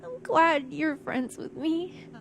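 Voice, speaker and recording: A woman voicing a gentle, shy boy prince from a game, soft and earnest. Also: sits high, sing-song, slow pace, gravelly, slight background noise, pitched above the performer's own voice, full character voice.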